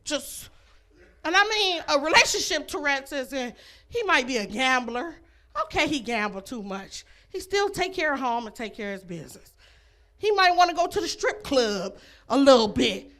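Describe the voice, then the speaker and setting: A woman's voice: high-pitched, sing-song, moderate pace, sharp tone. A woman doing a stand-up comedy set, brash and laughing between her jokes, on a comedy club stage.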